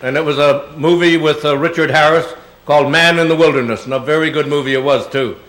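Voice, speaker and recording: A man's voice: fairly high pitch, fairly even intonation, fast talker, a bit bright. An older man, a guest speaker, answering audience questions with rambling, chuckling stories full of fillers. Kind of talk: public Q&A talk. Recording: echoey hall sound.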